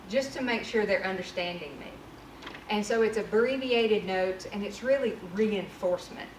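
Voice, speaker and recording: A woman trainer talks through a workshop in a candid, conversational way. She sounds distant from the mic in a reverberant room. A steady noise sits under her voice. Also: mid-range voice, moderate pace. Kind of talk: workshop presentation. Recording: echoey room from far off with noise.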